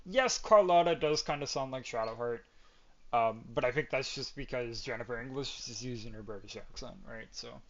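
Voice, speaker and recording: A man's voice: medium pitch, moderate pace, a bit bright, muffled recording. A man hosting a podcast in casual chat, rambling and often ending his points with "right?". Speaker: podcast host.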